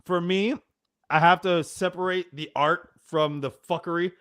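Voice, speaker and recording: A man on a live panel, talking in a fairly high voice with constant profanity. He argues emphatically and keeps cutting back in. The sound is close and dry. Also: fairly even intonation, unhurried, fairly bright tone, clear, resonant tone, no room sound. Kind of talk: heated casual panel banter.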